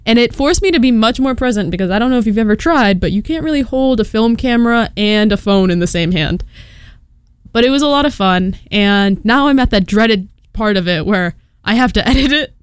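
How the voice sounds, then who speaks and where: Chatty young woman, smooth dry voice. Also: a little high, animated, dry recording. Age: 20s. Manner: chatty and self-deprecating, quick laughs. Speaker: podcast host. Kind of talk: casual solo podcast chat.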